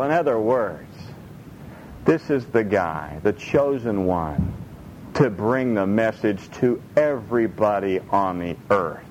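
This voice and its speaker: A man preaching a sermon in an animated way, acting out voices from the Bible and laughing often. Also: fairly low pitch, slow pace, a little hiss or hum, rough recording. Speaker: pastor.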